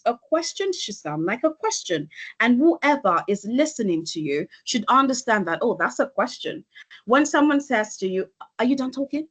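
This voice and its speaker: Emphatic woman coaching on a video call. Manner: deliberate, emphatic, with lively pitch shifts. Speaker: elocution coach. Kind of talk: online presentation.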